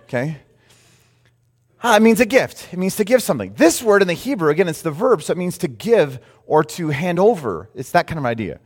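A man preaching a sermon, telling a story with lively acted-out quotes. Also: high-pitched, a little fast, husky, in a large hall. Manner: animated storytelling, acts out quotes. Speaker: pastor.

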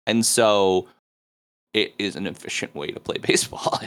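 A man's voice: on the low side, normal speed, a bit bright, smooth. Emphatic chatty man talking sports. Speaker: panelist. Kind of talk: casual sports talk.

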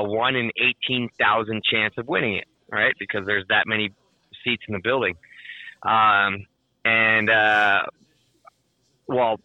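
A man telling a story in casual chat, excitable and swearing constantly, with lots of "like.". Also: fairly low pitch, no echo, phone-quality sound.

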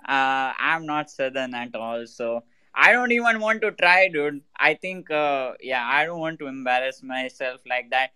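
A man in a casual online voice chat, relaxed and easygoing, often calling people "dude". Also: mid-range voice, unhurried, clear, resonant tone, no echo. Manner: laid-back, says "dude" a lot. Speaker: guest on a crypto talk space.

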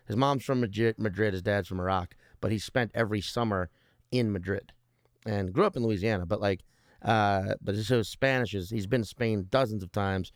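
On the low side and at a moderate pace, this man's voice comes through with studio quality and a dry sound. He's just talking casually: cracking jokes, cursing, rambling, and restarting sentences as he gropes for words amid lots of fillers.

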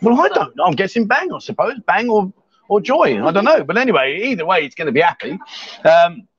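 A man from England hosts a casual livestream and talks in a high voice that jumps all over the place. He teases his guest and reads comments aloud in a jokey way. The sound is dry and dull, like lo-fi stream audio. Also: sing-song, fairly quick, breathy edge, no echo. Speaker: livestream host. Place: bar in Thailand.

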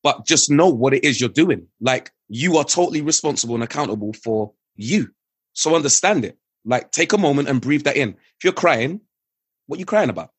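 A man, a father, speaking as an interview guest in earnest, lively, reflective conversation. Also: medium pitch, moderate pace, slightly rough, no room sound.

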